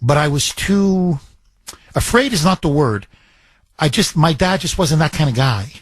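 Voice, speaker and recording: A man's voice: on the high side, animated, a little slow, no echo. A middle-aged man from Canada hosting a talk radio show, telling a personal story with emotion and emphatic indignation.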